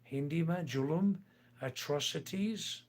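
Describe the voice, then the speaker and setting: A man's voice: fairly high pitch, slow, a little mellow, a little hiss or hum. An older man hosting a casual livestream, reading out viewer comments and answering them with playful, teasing asides. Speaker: livestream host.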